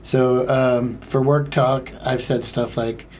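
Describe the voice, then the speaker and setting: A man's voice: medium pitch, little pitch movement, slow, a little mellow, slight background noise. A young man hosting a casual solo comedy podcast, rambling and self-deprecating, with lots of filler words.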